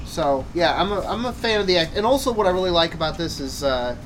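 A man's voice: a little high, expressive, quick pace, a bit bright, a little hiss or hum. A man co-hosting a comic book chat, rambling with many fillers and restarts. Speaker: comic book podcast co-host. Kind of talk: casual chat.

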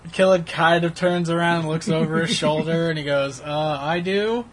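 A man's voice: fairly high pitch, a little fast. A man co-hosting a casual podcast chat, telling a story with lots of laughter. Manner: animated storyteller, laughs often. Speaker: podcast co-host.

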